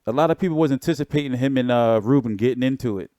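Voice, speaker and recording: A man's voice: mid-range voice, very fast, mellow, no echo, clean studio sound. A man hosting a boxing channel, talking in a rambling, laid-back way with lots of fillers. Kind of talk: casual livestream commentary.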